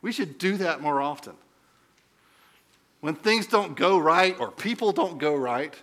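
A man's voice: a little high, lively intonation, unhurried, long pauses, a bit bright. A man preaching a sermon as a pastor, telling stories in a conversational way and asking the listeners questions.

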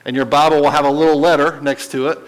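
Talking fast in a fairly high, clean-toned voice, a man leads a laid-back Bible study and keeps checking in with his audience. He's animated and lifts his voice to emphasize key points. The recording quality is poor.

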